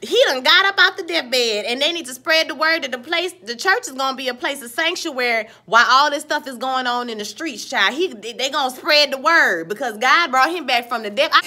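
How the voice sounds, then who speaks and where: A woman, giving a casual, animated recap of a TV episode with playful asides. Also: high-pitched, normal speed, slight background noise. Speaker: TV episode reviewer.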